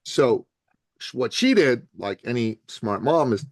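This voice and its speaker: An older man, a guest on a podcast, telling a story with lively energy and slipping into the voices of the people he quotes. His voice sits at an ordinary middle pitch for a man. The sound is dry and close, with no room echo. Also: measured pace. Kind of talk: storytelling in a conversation.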